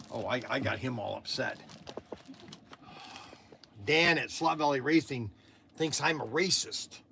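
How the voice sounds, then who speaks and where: A man's voice: fairly high pitch, gravelly, noisy background. A man hosting a casual livestream, talking in a chatty, rambling way, laughing often and restarting his sentences. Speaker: livestream host.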